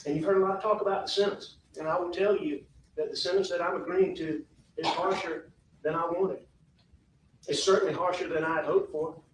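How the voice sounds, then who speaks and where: A man addresses a courtroom in a slow, halting statement, repeating his apologies with a fairly high voice. The sound is roomy and reverberant, picked up from a distance with a faint hiss beneath. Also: steady tone. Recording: echoey distant courtroom audio.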